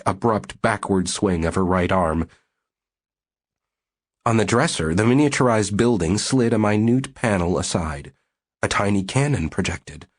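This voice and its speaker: A man reading a novel aloud as audiobook narrator in a steady, measured way. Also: fairly low pitch. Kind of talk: scripted narration.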